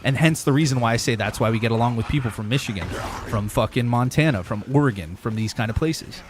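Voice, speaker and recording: A man's voice: mid-range voice, fast talker, noisy background. Rambling, swearing streamer man from Canada. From Northern Ontario, Canada. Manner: rambling, argumentative, swears freely. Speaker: game streamer. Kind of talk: casual chat with stream viewers.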